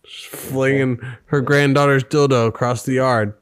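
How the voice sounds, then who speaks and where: A man's voice: mid-range voice, level tone, measured pace. A man co-hosting a casual podcast, chatting in joking, profane banter. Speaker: podcast co-host. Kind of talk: casual chat.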